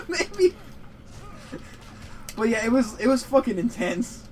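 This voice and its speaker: Rambling, profane young man, high voice. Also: very animated, slow pace, slight background noise, rough recording. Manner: rambling, profane, laughs often. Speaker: podcast co-host. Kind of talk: casual gaming chat.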